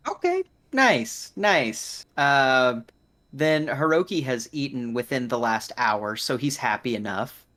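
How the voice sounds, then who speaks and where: A man's voice: medium pitch, lively intonation, slow pace, sharp tone. A man playing a tabletop game, easygoing and chatty. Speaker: player. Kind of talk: casual tabletop game chat.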